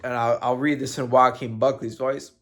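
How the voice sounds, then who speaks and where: A man's voice: medium pitch, little pitch movement, moderate pace, a bit bright. Joking man breaking down fights. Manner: joking, laughs often. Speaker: combat sports commentator.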